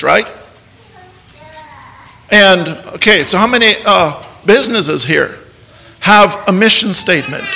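A man preaching a sermon, quizzing the congregation with many halting restarts. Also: high voice, bright, forceful tone. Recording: long hall reverb.

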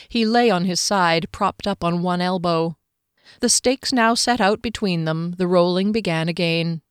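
A woman narrating a fantasy storybook in a measured, even manner. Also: fairly low pitch, clear, resonant tone, no room sound, clean studio sound. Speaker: audiobook narrator.

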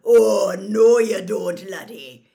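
A woman voicing a gruff, menacing old male wizard in a storybook reading, with a low, gravelly, growling delivery. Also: lively intonation, a bit bright, full character voice. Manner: blunt, growling threats, drawn-out stress.

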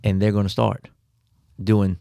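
A man co-hosting a casual Bible study podcast, telling the stories in an animated way. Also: lowish voice, unhurried, vocal fry, clean tone, no echo, studio quality. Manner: animated storyteller. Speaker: podcast co-host.

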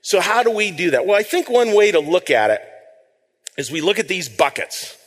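A man's voice: sits high, animated, moderate pace, in a large hall. A man giving a sermon as pastor, speaking in a conversational way and repeating words as he reads scripture aloud. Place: church sanctuary.

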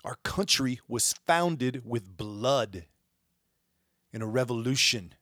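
A fiery man delivers a podcast monologue, his voice climbing into loud rhetorical questions and then dropping low and slow. The sound is dry and close. His pitch sits in the middle range. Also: animated, no room sound. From Indiana, United States. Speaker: podcast host. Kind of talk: impassioned monologue.

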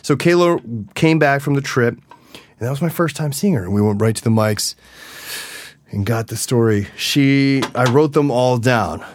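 A man hosting a podcast, chatting casually and energetically, profane, with loud bursts and mumbled asides. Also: medium pitch, normal speed. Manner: animated and profane, swings from loud bursts to mutters. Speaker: podcast host. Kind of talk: casual solo podcast chat.

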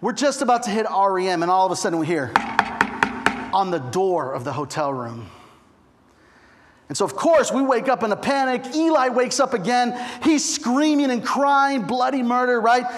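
A middle-aged male pastor telling a personal story in a sermon, chatty and animated, with frequent asides to the listeners. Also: extremely high pitch, moderate pace.

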